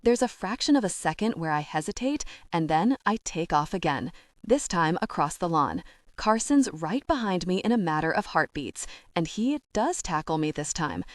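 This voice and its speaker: A woman narrating a first-person romance audiobook in an intimate, measured reading. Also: lowish voice, sing-song, dry recording, studio quality.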